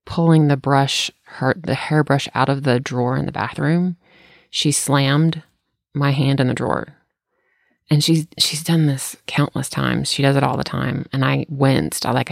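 A woman's voice: very deep voice, vocal fry, no room sound, studio quality. A woman and parent telling a candid family story in casual conversation, self-deprecating and ready to laugh at herself.

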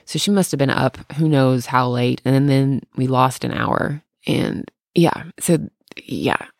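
A parent co-hosting a casual podcast, telling family stories candidly and with animated energy. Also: medium pitch, slow, gravelly, no room sound, studio quality. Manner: candid, animated storytelling with swearing. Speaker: podcast co-host; parent of two. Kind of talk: casual chat.

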